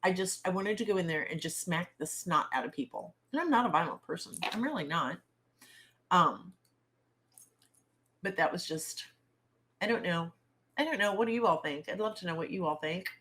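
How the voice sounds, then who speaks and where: Blunt, outspoken woman with a lowish voice. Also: expressive, moderate pace, pauses often, a bit bright. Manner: blunt, outspoken, salty turns of phrase; talks straight to viewers with questions. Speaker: author and livestream host. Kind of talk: casual livestream chat.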